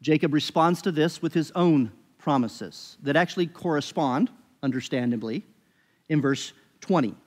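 A fairly high-voiced male pastor delivers a sermon in a conversational way, often rising with emphasis and restarting his phrases. His voice rings out with the long reverb of a church hall. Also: moderate pace, darkish tone. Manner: conversational preaching with emphatic rises and frequent restarts. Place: church sanctuary.

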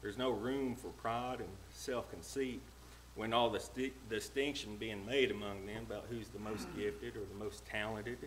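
A man preaching a plain-spoken, homespun sermon in a church, slowing down to read old-style scripture verses. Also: fairly low pitch, steady tone, slight background noise, poor audio. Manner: plain-spoken and homespun, reads King James verses slowly. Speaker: lay preacher. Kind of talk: folksy sermon with scripture reading. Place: church sanctuary.

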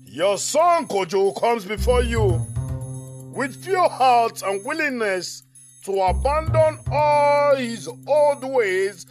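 Woman as solemn male pastor, comedy skit, high voice, slow drawn-out prayers, music behind. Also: expressive.

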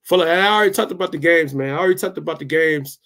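A young man with a fairly high voice vents at his viewers in a loose, heated rant. He hammers the same lines again and again and swears without a second thought. He stops now and then to answer his live chat. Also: rapid-fire, fairly bright tone. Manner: fired up, repetitive, swears freely. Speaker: tech channel host.

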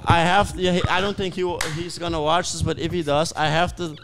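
A young Dutch man, a college soccer player, chatting casually on a podcast and telling stories with laughs and low asides. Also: level tone, moderate pace, very noisy. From Netherlands. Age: young adult.

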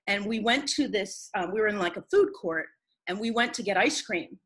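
A woman's voice: mid-range voice, lively intonation, normal speed, a bit bright, slightly rough, low-quality recording. A woman who is a guest in a conversation, telling a personal story in an earnest, rambling way with many restarts.

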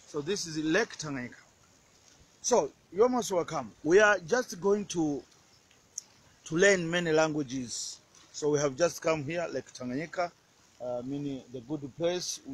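Slow, husky man teaching outdoors. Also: a little high. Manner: repetitive, hesitant, with many fillers and repeated words. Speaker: language teacher. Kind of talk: casual outdoor language lesson. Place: outdoors by a lake beach.

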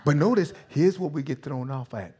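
Man, pastor, sermon, high voice, hushed to shouting, vernacular preaching. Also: moderate pace, a little hiss or hum.

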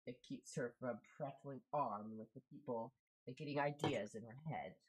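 A man's voice: medium pitch, normal speed, slightly rough, lightly acted, low-quality recording. Man voicing a fussy, muttering old father. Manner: hesitant, muttering, with hums. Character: old father bound to his hut, fussy.

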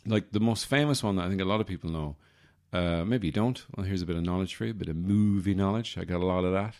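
A very deep-voiced man hosts a comedy podcast, talking quickly and sounding a little mellow. He wanders from one aside to another with wry self-deprecation, often stopping to correct himself.

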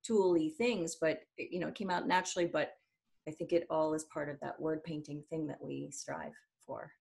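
A middle-aged woman with a slightly low voice, chatting as a guest in an interview. She talks in an animated, expressive way, laughs easily and now and then sings a line to make her point. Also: moderate pace, gravelly, slightly rough. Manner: animated, laughs often, breaks into sung phrases. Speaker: singer-songwriter guest. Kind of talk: casual interview chat.

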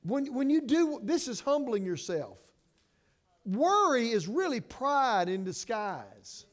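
With a very high-pitched voice, wide swings in pitch, and a slow pace, a middle-aged pastor delivers an impassioned sermon. He moves from quiet to forceful and often starts words over.

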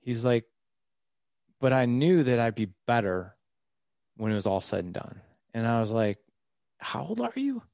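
A man's voice: mid-range voice, fairly even intonation, moderate pace, long pauses, darkish tone, clear, resonant tone, dry recording, studio quality. A man in his forties, a podcast guest, talking earnestly and rambling a little, with many fillers and restarts. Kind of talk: candid interview storytelling.

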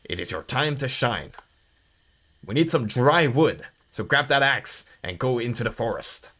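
A man voicing a grumpy old male watchman who bosses a rookie around in a game, in a gruff, lecturing manner with a lower, quieter voice than his own. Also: lively intonation, unhurried. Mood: grumbling.

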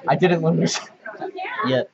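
A man's voice: on the high side, steady tone, takes it slowly, creaky. A man playing a card game match, chatting casually and pleading jokingly with his own draws. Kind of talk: casual table talk during a match. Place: busy tournament hall. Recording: dull lo-fi, loud tournament crowd.

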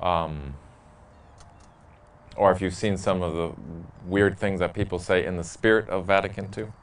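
A man's voice: low-pitched, steady tone, moderate pace, far from the mic. A man, a priest, answering questions from a parish group in a candid, joking way. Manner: candid, joking storyteller who laughs at his own stories. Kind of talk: casual Q&A talk to a parish group.

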